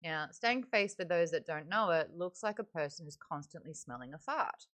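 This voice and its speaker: A woman's voice: sits low, expressive, moderate pace, fairly bright tone. Chatty Australian woman streaming live. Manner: chatty, reads viewer comments aloud, breaks into laughter. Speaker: livestream book club host. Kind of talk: casual live-stream chat. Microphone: desk microphone beside a webcam.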